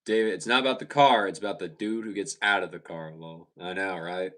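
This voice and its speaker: A young man hosting a livestream, casually chatting with viewers and answering their comments in a relaxed way, often stumbling and restarting his sentences. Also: low voice, brisk. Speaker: livestream host. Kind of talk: casual live chat reading viewer comments.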